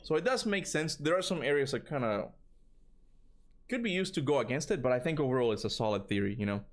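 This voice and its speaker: A man streaming about games, reading a long theory out loud and tripping over the words as he goes. He keeps stopping to chat casually, saying "you know" and "bro" all the time. His voice sits at an ordinary middle pitch for a man. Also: animated, quick pace. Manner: stumbles over reading, breaks into casual asides. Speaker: gaming streamer. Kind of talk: livestream reading a fan theory aloud.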